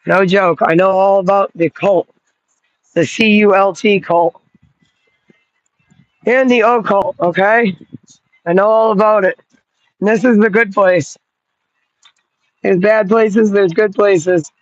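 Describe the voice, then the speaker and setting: A woman's voice: mid-range voice, fairly even intonation, slow pace, long pauses, no room sound, muffled recording. A woman vlogging from her yard in a loose, rambling way, cooing at dogs and swearing casually. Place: outdoors in a yard.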